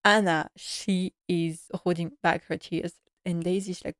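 Earnest woman recapping a drama, low and flat. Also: measured pace, no room sound, clean studio sound. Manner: earnest, emotional, many filler likes. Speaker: TV series recap vlogger. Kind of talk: casual episode recap.

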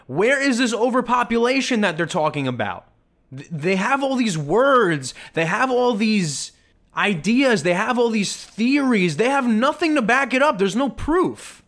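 Male podcast host with a high-set voice, sarcastic and indignant, ranting commentary. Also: big pitch swings, unhurried, fairly bright tone.

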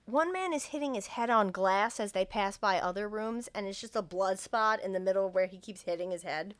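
A young woman casually recapping a film for her co-host, laughing often and jumping into loud, raised voices when she quotes the characters. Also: mid-range voice, fairly quick, no echo. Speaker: podcast co-host retelling a film. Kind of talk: casual chat, recapping a movie scene by scene.

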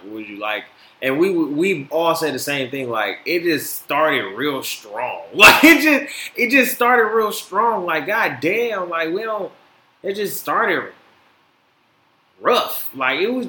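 A man hosting a casual solo podcast, animated and swearing freely with many fillers. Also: fairly high pitch. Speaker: podcast host. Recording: echoey room, faint noise.

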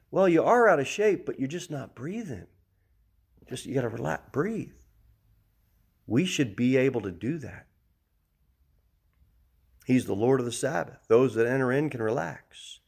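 A middle-aged man giving a sermon as pastor, animated, shifting between loud emphasis and soft, calm talk. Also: medium pitch, measured pace, creaky, pauses often, husky.

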